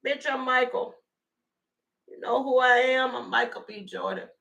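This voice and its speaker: A woman playing a boastful famous male actor in a lowered voice. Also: normal speed, vocal fry, sharp tone, recorded from a distance, full character voice.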